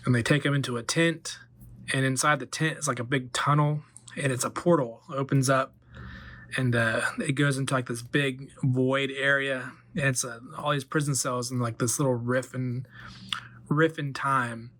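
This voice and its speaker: A man's voice: mid-range voice, fairly even intonation, normal speed, a bit bright. A man in his forties, a toy collector hosting a video, recapping a movie casually with lots of fillers. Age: 40s. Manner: rambling, many fillers.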